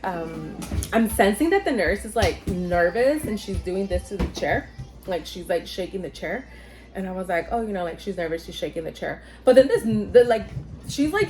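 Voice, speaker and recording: A woman telling a casual storytime vlog. She talks animatedly, swears freely and acts out what other people said. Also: medium pitch. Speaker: vlogger telling her birth story.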